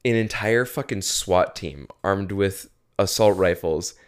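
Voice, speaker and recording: Deep-voiced man telling a story. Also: measured pace, smooth. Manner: animated retelling, swearing, acts out quotes. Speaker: podcast co-host. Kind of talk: casual storytelling chat.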